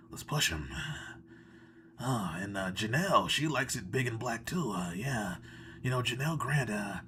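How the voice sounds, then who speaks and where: A man's voice: on the low side, pushed and bright, a little hiss or hum. A man hosting a live reaction stream, ranting in casual, sarcastic and profane commentary, audibly exasperated.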